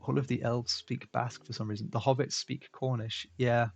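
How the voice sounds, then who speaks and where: A man's voice: medium pitch, flat delivery, fairly quick, vocal fry, slightly rough, muffled recording. A man hosting a drawing stream, chatting casually and joking. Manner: chatty, joking, laughs often. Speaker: stream host.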